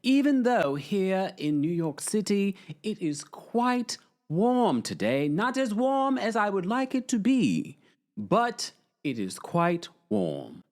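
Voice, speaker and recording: A man's voice: high-pitched, very animated, darkish tone, pitched above the performer's own voice, heavily acted. A man putting on a mock posh English voice. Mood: prim. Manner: prim, drawn-out, exaggerated proper diction.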